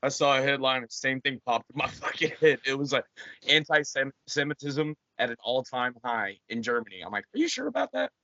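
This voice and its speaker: A man's voice: medium pitch, normal speed, no echo, lo-fi sound. A man co-hosting a comedy podcast, telling crude jokes and laughing a lot. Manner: giggly, animated storyteller. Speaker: podcast co-host.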